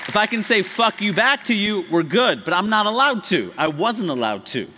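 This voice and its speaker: A man in his late thirties from the United States giving an animated, profane, emphatic comedic talk on stage. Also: high voice, normal speed, a faint crowd, a little hiss or hum. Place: large hall on stage. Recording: echoey hall.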